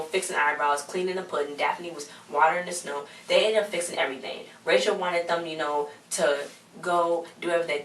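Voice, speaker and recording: A young woman recapping a TV episode in casual chat, quoting characters with animated asides. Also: low voice. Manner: chatty, quotes characters in exaggerated asides. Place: home in a hot desert city. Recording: roomy, distant mic with faint hiss.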